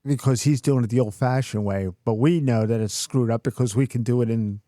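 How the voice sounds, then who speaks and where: Middle-aged dude cohosting a podcast, cussing a lot, dry room. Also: male voice, mid-range voice, a little fast, warm tone, no room sound. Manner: profane, ranting storyteller. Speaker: podcast co-host. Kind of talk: casual chat.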